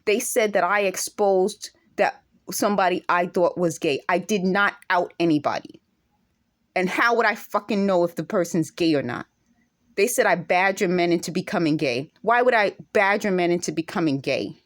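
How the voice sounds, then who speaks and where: Talking to camera at a moderate pace, a vlogger with her own accent and a lowish voice delivers an indignant monologue. She fires off one emphatic rhetorical question after another.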